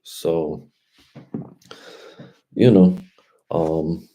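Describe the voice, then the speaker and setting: A man's voice: a bass voice, steady tone, drawn-out words, warm tone. A man talking casually and loosely in slangy speech, drifting from point to point in a vlog monologue. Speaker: crypto vlogger.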